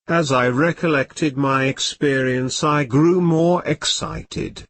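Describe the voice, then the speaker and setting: Slow synthetic male audiobook narrator. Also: fairly high pitch. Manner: slow, even synthetic reading. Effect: computer-generated voice.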